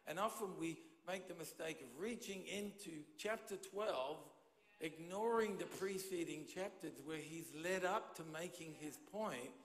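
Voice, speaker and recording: A man's voice: a little high, a little slow. A man preaching a sermon in a church auditorium, speaking conversationally and checking in with the congregation, into a handheld microphone. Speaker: pastor. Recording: echoey hall with long reverb.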